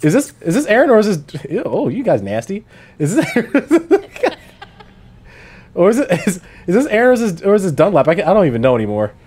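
A man hosting a gameplay video with friends, excitable, laughing and yelling as he plays. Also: sits high, brisk, husky. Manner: excitable, yells and laughs while playing. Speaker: gaming channel host. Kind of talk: casual multiplayer gameplay chat.

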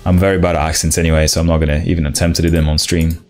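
A young man streaming his coding session, thinking aloud in halting restarts and chatting with viewers. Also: very deep voice, flat delivery, a little mellow, soft background music. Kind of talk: casual live-coding stream.

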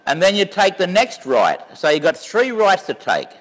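Older man telling rambling, lively stories. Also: high voice, moderate pace, long reverb tail, rough recording. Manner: rambling, anecdotal storytelling with restarts. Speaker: painting teacher and live-stream host. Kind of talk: casual live-stream chat.

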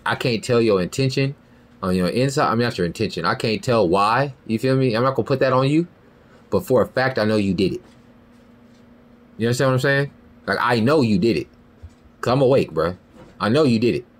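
A man's voice: mid-range voice, animated, a little fast, long pauses. Rambling, profane young man. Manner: rambling, profane, keeps asking "you feel me". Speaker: podcast host. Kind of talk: casual monologue.

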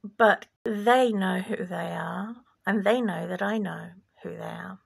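A woman from former Yugoslavia delivers a slow, deliberate religious monologue with a preachy edge. Her voice is deeply gravelly and creaky, and she speaks at an unhurried, measured pace, sometimes sinking into a whisper. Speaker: vlogger.

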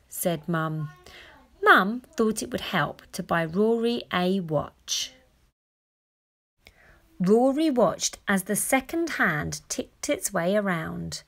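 A woman reading a children's picture book aloud, gently and expressively. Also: mid-range voice, animated, slow. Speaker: storyteller.

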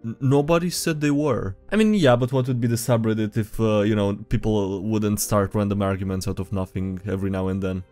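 A man's voice: lowish voice, fairly even intonation, brisk, hardly any pauses, dark tone, soft background music. A man hosting a video, reading and reacting to tabletop game memes in playful, casual commentary and laughing often.

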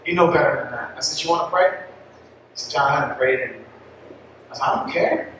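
A man's voice: mid-range voice, a little fast, sharp tone, slight background noise. A young-adult man giving a heartfelt personal testimony to parents, casual and full of restarts. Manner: heartfelt storytelling, casual phrasing with many likes and restarts. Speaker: parish speaker at a family catechesis talk. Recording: echoey hall, mic far off.

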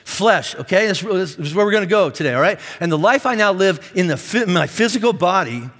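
A male pastor with a notably high voice, preaching in an animated, joking way. His words ring out with a long reverb, as in a big church auditorium. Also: brisk. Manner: animated, self-deprecating joking with the congregation. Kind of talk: sermon.

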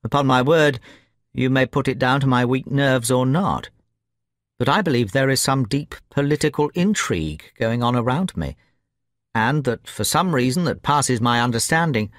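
A man's voice: mid-range voice, lively intonation, normal speed, dry recording, studio quality, close to an everyday voice. A man voicing a nervous, querulous young man still weak from a long illness, speaking anxiously in an audiobook reading.

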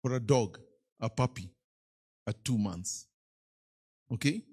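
A bishop with a Kenyan accent preaches in a church, telling playful stories and teasing his congregation. His voice is medium in pitch, darkish and husky, and he speaks slowly.

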